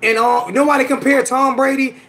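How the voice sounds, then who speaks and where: A man's voice: very high-pitched, steady tone, a little fast. A man in his forties hosting a live sports show, trading heated trash talk and hammering his points through repetition. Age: 40s. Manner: argumentative, loud, repeats himself for emphasis. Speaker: host.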